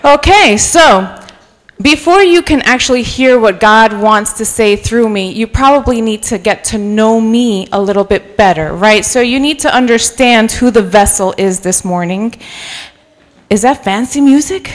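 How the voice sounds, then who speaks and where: A woman in her forties from New York City with a mixed North Jersey accent, a guest preacher warming up the church with chatty jokes, stories and bits of Spanish. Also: fairly high pitch, measured pace. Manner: chatty and joking, mixing in Spanish phrases. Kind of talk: sermon with personal storytelling. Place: church sanctuary.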